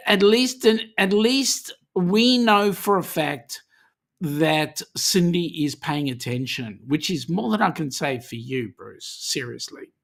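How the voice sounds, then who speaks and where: A man's voice: on the high side, fairly bright tone. A man with an Australian accent, originally from South Africa, hosting a livestream and chatting as he reads out viewer comments. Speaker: host. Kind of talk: livestream chat.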